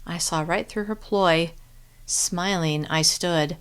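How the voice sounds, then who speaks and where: A woman reading a novel aloud in first-person narration with a steady, clear delivery. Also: lowish voice, slow. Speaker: audiobook narrator.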